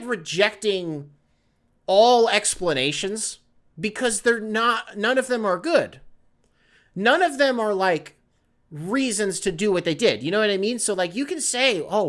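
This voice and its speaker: A man hosting a solo sports podcast, ranting in an animated, exasperated way and swearing freely. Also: high-pitched. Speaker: podcast host.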